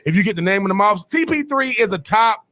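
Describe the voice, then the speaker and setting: A man's voice: high voice, expressive, fast, sharp tone. A man co-hosting a sports podcast, arguing casually about players and movie speeches, rambling and restarting his sentences often. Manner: rambling, restarts often, Southern-tinged slang.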